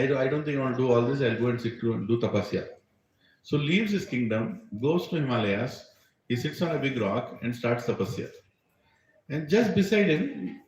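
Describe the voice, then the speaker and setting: A man's voice: mid-range voice, slight background noise. Man teaching in an echoey room. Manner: conversational, checking in with "right?". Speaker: spiritual teacher. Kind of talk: storytelling sermon. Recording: echoey room with faint ambience.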